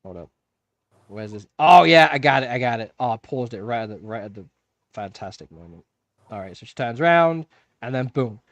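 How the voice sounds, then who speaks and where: A man in his thirties tells a story on his own livestream, chatty and animated, with frequent laughs and filler words. His voice sits at an ordinary middle pitch. The recording is close and dry. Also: brisk, no echo, dull audio. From England. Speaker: livestream host. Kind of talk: casual livestream chat. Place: home fish room.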